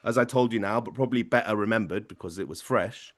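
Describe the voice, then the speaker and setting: A man's voice: on the low side, fast. Rambling man telling a story. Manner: rambling anecdote with frequent tag questions. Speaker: podcast producer. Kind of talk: casual podcast storytelling.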